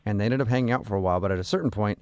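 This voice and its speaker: Male radio host, rapid teasing banter, dry close studio sound. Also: on the low side, a little mellow, smooth, no echo. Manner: teasing, fast, wisecracking. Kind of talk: joking radio call-in banter.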